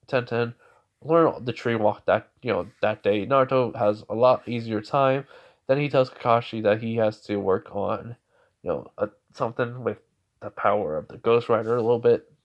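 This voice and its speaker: A man improvising a fan story aloud, rambling and restarting as he goes. His voice sits in an ordinary middle pitch. The recording is dull and lo-fi. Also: moderate pace. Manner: rambling, many fillers and restarts. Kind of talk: improvised fan-fiction narration.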